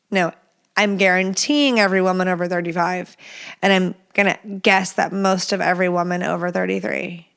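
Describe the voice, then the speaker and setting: Woman, 30s, podcast host, casual solo chat, blunt, profane, talks to listeners, mid pitch. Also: gravelly, fairly bright tone. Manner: blunt, chatty and profane, talking straight to listeners.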